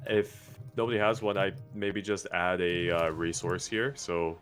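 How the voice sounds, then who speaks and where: A man running a tabletop game as game master, talking in a relaxed, hesitant way with lots of fillers. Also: sits low, measured pace. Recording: faint music behind.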